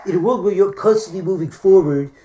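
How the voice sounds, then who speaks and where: A woman's voice: lowish voice, fast, dark tone. A woman improvising a playful, musing scene without a script.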